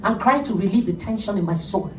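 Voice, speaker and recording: A middle-aged woman pastor preaching an animated sermon, laughing often as she tells stories. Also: mid-range voice, fast, faint music behind. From Nigeria. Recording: echoey room, heard from a distance.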